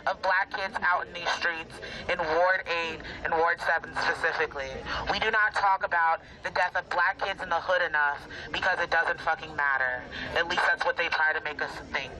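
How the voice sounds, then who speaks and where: A man's voice: fairly high pitch, steady tone, moderate pace, hardly any pauses, low-quality recording. A man giving an impassioned, profane speech at a protest. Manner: forceful, profane.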